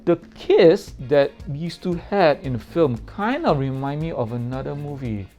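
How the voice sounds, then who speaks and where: A man's voice: a little high, animated, measured pace, highs cut off, over music. A man giving a casual spoken film review in a playful way, repeating words for comic effect.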